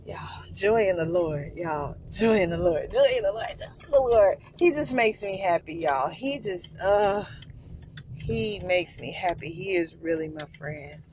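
A woman's voice: on the low side, animated, a little slow, a little mellow. A woman hosting a faith podcast, speaking emotionally and repetitively, often calling out to her listeners. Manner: effusive, repeats herself, calls out to listeners. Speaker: podcast host. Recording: slightly dull podcast audio, faint room noise.

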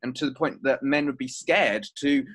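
A man's voice: medium pitch, moderate pace, fairly bright tone. A man in a casual conversation, talking hesitantly with many fillers.

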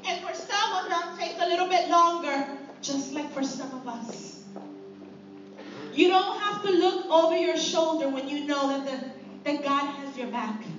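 A woman preaching a sermon in a church, impassioned, swinging from near-shouts to low, quiet lines. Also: measured pace, slight background noise. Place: church sanctuary. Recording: echoey hall from far off, dull.

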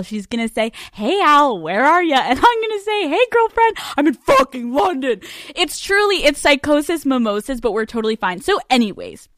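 A woman's voice: medium pitch, dry recording, studio quality. A woman, hosting a podcast, telling stories in a brash, profane, self-mocking way. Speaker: podcast host. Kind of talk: casual comic monologue. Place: hotel room. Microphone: studio microphone.

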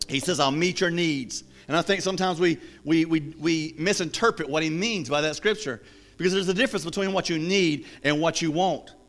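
A male preacher giving a sermon in an animated, storytelling style with jokes. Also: fairly high pitch, a little fast, soft background music.

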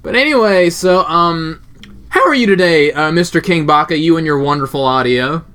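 A man's voice: on the high side, lively intonation, normal speed, pushed and bright. A young man hosting a podcast with casual, crude, joking banter. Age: young adult. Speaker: podcast host. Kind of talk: casual chat.

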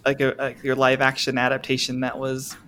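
A man's voice: medium pitch, monotone, fairly quick, sharp tone, a little hiss or hum. A man co-hosting a casual podcast, rambling and searching for his words. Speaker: podcast co-host. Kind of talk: casual chat.

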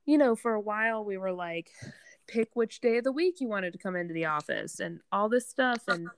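A woman's voice: medium pitch, expressive, fairly quick, clean tone, no room sound, studio quality. A woman in casual conversation, venting candidly and with some self-deprecation. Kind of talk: casual chat.

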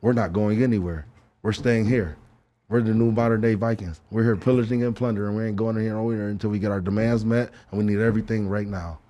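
A man guest on a podcast, telling a story in an animated, profane way and acting out what he said to himself. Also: fairly low pitch, fast. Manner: excitable, profane, talks to himself in acted asides. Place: podcast studio.

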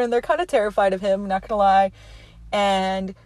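A woman's voice: mid-range voice, steady tone, normal speed, a little mellow, no echo. A young adult woman recapping a movie casually on her podcast, chatty, saying "like" a lot and laughing often. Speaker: podcast host.

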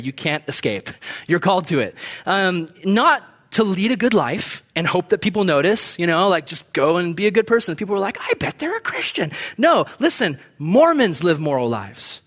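A man's voice: high-pitched, fairly bright tone. A young adult man preaching a sermon as a pastor, telling stories in a conversational way and acting out the voices of people he quotes.

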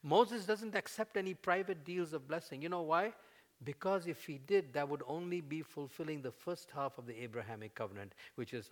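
A man preaching a sermon, conversational with fillers, building to loud, emphatic peaks as he voices prayers. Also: fairly high pitch, normal speed. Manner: fillers and restarts, conversational teaching.

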